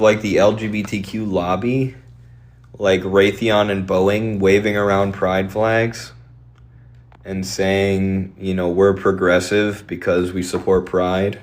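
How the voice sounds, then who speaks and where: A man streaming and answering viewer questions in a quick, offhand, opinionated way. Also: low voice.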